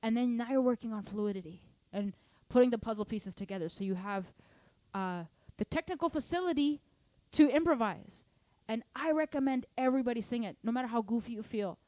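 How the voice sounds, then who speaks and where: A woman drum teacher talks students through accent exercises in a loose, long-winded way, breaking into sung counts and syllables to demonstrate. Her voice sits a little high, and the recording is dry and close. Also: a little fast, no room sound. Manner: animated, sings rhythms and counts aloud; chatty, long-winded explanations. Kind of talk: casual online drum lesson Q&A.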